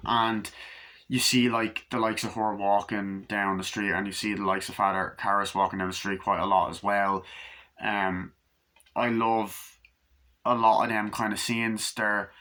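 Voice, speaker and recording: Man for a casual film review vlog, bright tone, rambling, swears freely. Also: lowish voice. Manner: profane, enthusiastic, filler-heavy. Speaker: movie reviewer.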